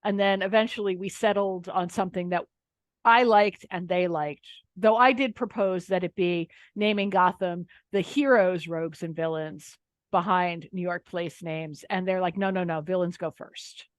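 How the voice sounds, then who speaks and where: A woman's voice: on the low side, normal speed, no room sound. Wry storytelling woman author, dry sound. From Pennsylvania, USA. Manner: lively anecdotal storyteller, wry. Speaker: nonfiction author, guest. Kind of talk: casual interview storytelling.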